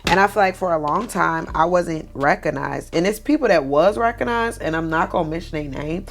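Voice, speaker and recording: A woman's voice: lowish voice, fairly quick, vocal fry, few pauses. A woman vlogging at home with a desk mic, chatting sassily and animatedly while doing her makeup, swearing freely. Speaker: beauty vlogger. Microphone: first-time desk mic.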